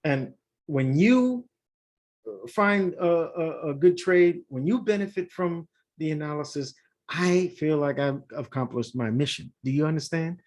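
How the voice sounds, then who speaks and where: A man with a fairly high voice hosts a casual trading video. He walks through his charts in an animated way, repeating points and talking straight to his viewers. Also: a little slow. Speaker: forex trading channel host. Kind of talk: casual screen-share market review.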